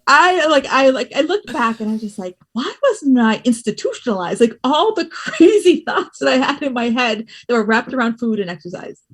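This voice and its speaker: A woman from the US East Coast speaks as a podcast guest with a fairly high voice. She tells her stories in an animated, expressive way, often laughing mid-sentence. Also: moderate pace, few pauses. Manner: animated storyteller, expressive, laughs while talking. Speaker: podcast guest, fitness business owner. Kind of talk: casual conversational interview.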